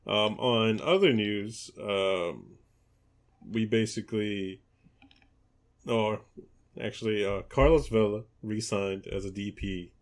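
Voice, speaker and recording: Low-voiced man hosting a football podcast. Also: slow pace. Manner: relaxed, hesitant, many ums and restarts. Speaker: podcast host. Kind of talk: casual football podcast chat.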